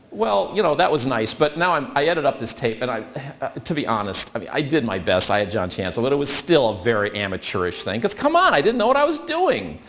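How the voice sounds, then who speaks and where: Male speaker, lively storytelling talk, big swings in pitch. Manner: animated storyteller acting out quoted voices.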